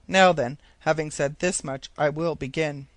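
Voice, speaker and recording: Guy reading as a keen chatty scholar, fired up explaining, pretty high voice, dry sound. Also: normal speed, no echo, natural voice. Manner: excited, insistent explaining. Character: eager talkative male geographer, scholarly.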